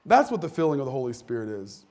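A man preaching a casual, candid sermon to his church, with frequent restarts and lively asides. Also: medium pitch, fast. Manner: candid, self-deprecating, animated with many restarts. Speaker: pastor. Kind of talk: conversational sermon. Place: church sanctuary.

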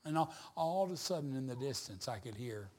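A man preaching a sermon, telling a folksy story and building to loud emphatic points. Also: mid-range voice, lively intonation, brisk. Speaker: pastor.

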